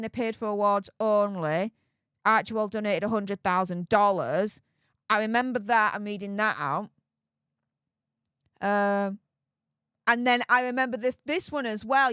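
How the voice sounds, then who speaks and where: Woman, Yorkshire accent, casual livestream host, sarcastic asides, smooth voice, dry room. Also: mid-range voice, fairly bright tone, dry recording. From Yorkshire, England. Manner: chatty, laughing, sarcastic asides. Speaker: livestream host reading viewer chats.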